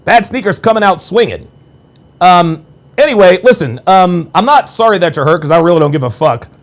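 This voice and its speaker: A man's voice: big pitch swings, brisk. A man hosting a live-stream podcast, reading viewer chat aloud and firing back in a combative, profane way. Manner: combative and profane, swings between low mutters and sharp high outbursts.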